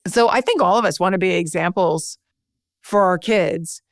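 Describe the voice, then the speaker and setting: A middle-aged woman, a podcast guest, telling lively stories and acting out the voices she quotes. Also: on the low side, normal speed, no echo, studio quality. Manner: animated storyteller, acts out quoted voices. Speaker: podcast guest, broadcaster and speaker. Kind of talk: conversational interview.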